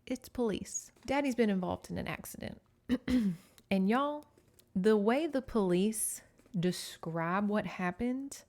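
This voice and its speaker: Southern lady podcast host, chatty and sarcastic, mid-pitched voice, lots of asides. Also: lively intonation, slow pace, a little mellow. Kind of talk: casual book recap.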